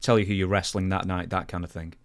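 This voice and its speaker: A man's voice: low voice, little pitch movement, fast talker, smooth. A man interviewing a guest, asking long questions that trail off.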